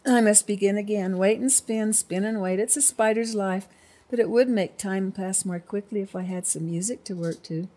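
A woman voicing a wise, kindly old female spider in a storybook, gentle and patient. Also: mid-range voice, moderate pace, close to an everyday voice. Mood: reassuring.

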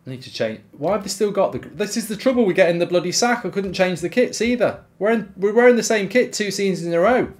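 A man streaming a football video game, reacting loudly, swearing and cheering at the play. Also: sits high, quick pace, hardly any pauses. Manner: excitable, swears, shouts at the game. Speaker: gaming streamer. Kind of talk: live football game commentary.

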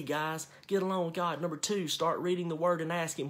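A man's voice: a little high, fairly even intonation, a little fast, few pauses. A man, a pastor, giving a livestreamed devotional and prayer from a child's bedroom at home, speaking earnestly in repeated lists and praying fervently.

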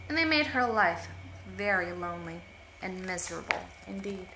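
A woman reading a picture book aloud to children at home, expressive and pausing for asides about the pictures. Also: on the low side, slight background noise. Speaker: storytime reader. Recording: roomy home echo.

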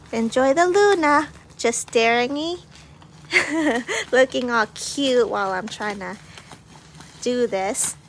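Giggly young woman doing a slow, chatty vlog at home, bright and bubbly, swoops up and down a lot. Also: high voice, slight background noise. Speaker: vlogger. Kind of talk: casual unboxing vlog.

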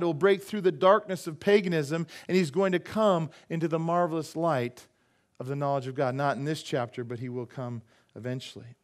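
Man preaching, lively storytelling voice. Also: sits high. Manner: animated storytelling with laughs and acted-out quotes. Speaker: pastor. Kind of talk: sermon. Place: church.

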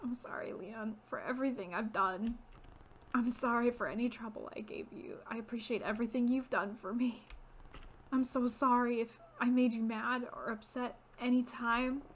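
A woman's voice: fairly high pitch, steady tone, moderate pace, slight background noise, close to an everyday voice. A woman reading the lines of a confused, tearful young man who apologizes and pleads. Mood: apologetic. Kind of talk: reading game dialogue aloud.

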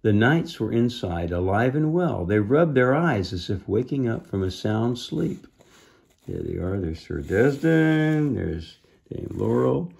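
Brief: an unhurried man reading a children's book, pausing for gentle asides. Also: mid-range voice, sing-song, gravelly. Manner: gentle asides explaining the lesson. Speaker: reader.

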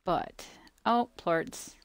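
A woman giving casual gameplay commentary, chatting to the game's creatures and scolding them playfully. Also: extremely slow. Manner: chatty, talks to the game creatures, mock-scolding, drops to murmurs. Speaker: gameplay video maker.

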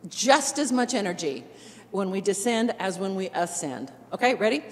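A woman's voice: medium pitch, very animated, moderate pace, long reverb tail. A middle-aged woman teaching an opera masterclass in a church, encouraging and demonstrating phrases by singing them. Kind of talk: coaching a singer in a masterclass. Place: church with long reverb.

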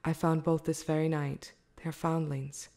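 A woman in a whispered role-play voicing a frightened sixteen-year-old peasant girl in a low, mellow, trembling voice. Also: little pitch movement, normal speed. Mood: nervous. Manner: soft-spoken, trembling.

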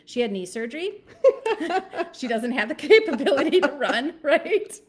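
A woman casually telling a family story, animated and laughing, acting out the voices of the people in it. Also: sits high, a little slow. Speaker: storyteller on a live stream.

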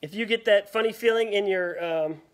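Man, high pitch, live shopping host, rambling, jokey, casual sales chat. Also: moderate pace. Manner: rambling, jokey, filler-heavy.

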